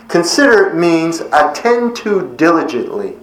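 A middle-aged man preaching a devotional sermon in an earnest, measured way, slowing on key words. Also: on the high side, big pitch swings. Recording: echoey room with faint ambience.

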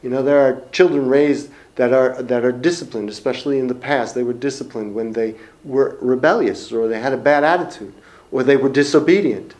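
A middle-aged man preaching a sermon in an earnest, reflective manner, pausing and repeating phrases. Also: mid-range voice, a little mellow.

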